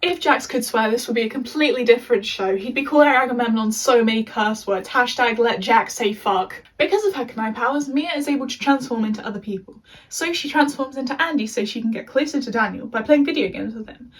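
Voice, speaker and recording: A woman's voice: a little high, fast talker, few pauses, recorded from a distance, poor audio. A young English woman recapping a TV show in a casual, chatty rant with sarcastic asides. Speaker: video essayist.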